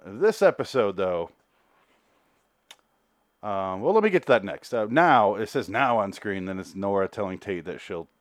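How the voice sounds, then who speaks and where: Man, podcast host, low voice, dry close sound, casual swearing recap. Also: no echo. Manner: rambling, profane, chatty recap with quick asides. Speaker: podcast host reviewing a TV series. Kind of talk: casual solo review recap.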